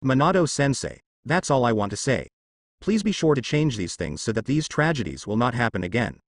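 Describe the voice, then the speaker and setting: A man reading the lines of a quiet, grateful teenage boy ninja in an audio story, softly and sincerely. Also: medium pitch, sing-song, brisk, no room sound, studio quality.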